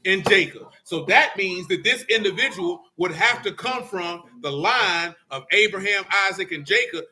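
A man leading a Bible study in a folksy, animated preaching style, quizzing his listeners and calling them "boy" and "man". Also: high voice, slight background noise.

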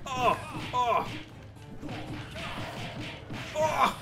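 Give me an excitable, joking game commentator with a bright, animated voice. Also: high voice, very slow, vocal fry, soft background music. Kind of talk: casual gaming commentary.

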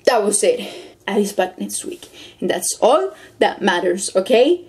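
A young woman casually reacting to a TV episode, excitable, laughing and swearing often. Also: medium pitch, unhurried, distant mic. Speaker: TV show reactor.

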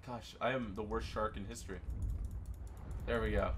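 A young man giving excited commentary while playing a video game, often breaking into loud bursts of surprise. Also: lowish voice, moderate pace, background noise. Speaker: gaming YouTuber.

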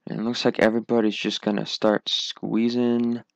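A man's voice: fairly low pitch, moderate pace, creaky, no room sound. A young man giving solo play-by-play commentary on a sim racing league, running through positions and replays. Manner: calls positions and replays, rising excitement at restarts.

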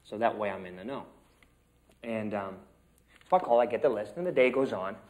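A man's voice: lowish voice, fairly quick, a little mellow. A man acting student telling a rambling personal story in class, chatty and loose.

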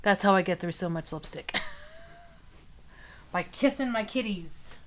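A woman vlogger at home, talking slowly with a lively, swinging pitch. She chats easily through an unboxing and slips into cooing baby talk for her cats. There is a faint hiss under her voice. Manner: chatty, coos and baby-talks to her cats. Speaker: beauty vlogger. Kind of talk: casual unboxing chat.

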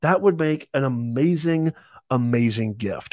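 A man hosts a live deal stream, pitching products in a hyped, salesy way. His voice sits at an average pitch and is recorded dry and close. He keeps urging listeners to buy right away. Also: measured pace, dry recording. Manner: hyped salesy, repeats calls to add to cart. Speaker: host of live shopping stream.

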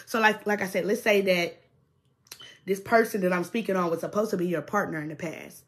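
A woman's voice: on the low side, fairly quick. A young adult woman doing a casual tarot reading to her viewers, blunt and full of swearing, who keeps checking in with "okay?". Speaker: tarot reader.

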